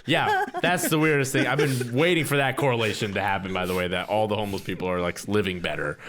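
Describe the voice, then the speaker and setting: A man playing in a tabletop role-playing game, talking casually and hesitantly with many pauses. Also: lowish voice, sing-song, crowd noise. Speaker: player.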